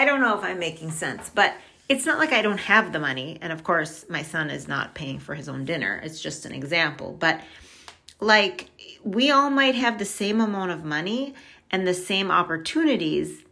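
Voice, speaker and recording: Chatty upbeat woman with a bright voice. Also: fairly low pitch, animated, moderate pace. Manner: chatty and upbeat, says "like" often, laughs easily. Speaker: podcast guest on money mindset. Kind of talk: casual chat.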